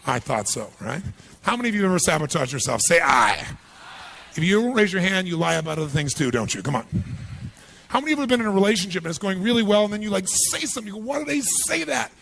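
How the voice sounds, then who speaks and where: A man giving a live motivational seminar, energetic and punchy, constantly quizzing the audience with questions. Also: sits high, very fast, creaky, a little hiss or hum. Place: large seminar hall with thousands present.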